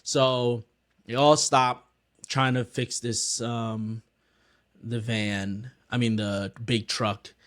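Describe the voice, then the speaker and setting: A man giving a casual spoken film review, earnestly retelling the scenes with lots of filler words. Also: medium pitch.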